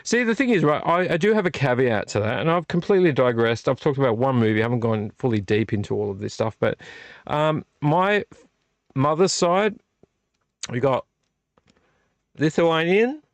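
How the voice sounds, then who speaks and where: A man's voice: medium pitch, expressive, fairly quick, no echo. A man hosting a late-night live stream, tipsy from drinks and rambling off on tangents while chatting to viewers. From Australia. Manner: rambling, digressive, talking to chat. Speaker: vlog host.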